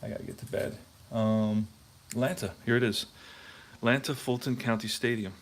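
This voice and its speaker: A man's voice: medium pitch, fairly even intonation, normal speed, a little hiss or hum. A man hosting a tabletop baseball replay, chatting casually and thinking aloud as he checks scorebooks. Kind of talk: casual talk while playing.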